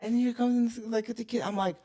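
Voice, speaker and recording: A man's voice: very high voice, fairly even intonation, brisk, dark tone. Profane young man telling a story. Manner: rambling, profane storytelling with lots of filler words. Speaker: podcast co-host. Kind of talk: casual chat.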